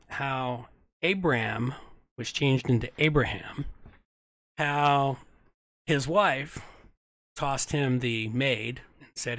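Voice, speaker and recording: A man's voice: medium pitch, gravelly, a bit bright. Irreverent man reading scripture aloud. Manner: irreverent, joking asides between solemn readings. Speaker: host. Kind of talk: Bible reading with casual commentary.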